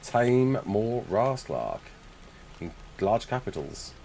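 Lively English guy chatting on a live stream. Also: lowish voice, vocal fry, slight background noise. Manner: chatty, reads viewer comments aloud and answers them, quick laughs. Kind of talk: casual live-stream chat while gaming. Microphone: desk mic with face cam.

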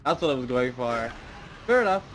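A man's voice: mid-range voice, big pitch swings, brisk, a bit bright, faint music behind. A young man giving casual gaming commentary, chatty and prone to repeating himself. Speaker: gameplay commentator.

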